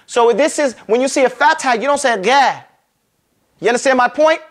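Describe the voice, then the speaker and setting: A man teaching a Quran recitation class, casually explaining sounds and drilling them by stretching and repeating each one slowly. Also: extremely high pitch, fairly bright tone. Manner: casual, conversational teaching with frequent check-ins. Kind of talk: classroom lesson.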